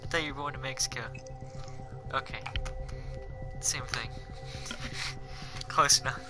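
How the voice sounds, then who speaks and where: A young man hosting a casual podcast chat, rambling and profane, with frequent animated bursts. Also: medium pitch, slow pace, whispered, music in the background. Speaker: podcast host.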